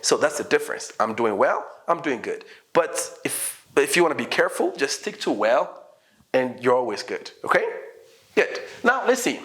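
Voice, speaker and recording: Lively male English teacher. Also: fairly high pitch, brisk. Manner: explains patiently and acts out sample dialogues; asks learners questions. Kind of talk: English lesson.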